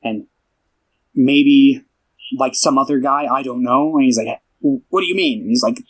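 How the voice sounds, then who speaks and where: A man's voice: medium pitch, fairly quick, low-quality recording. A young man co-hosting a casual film podcast, retelling a plot in a loose, rambling way and voicing the characters' lines himself. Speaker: podcast co-host.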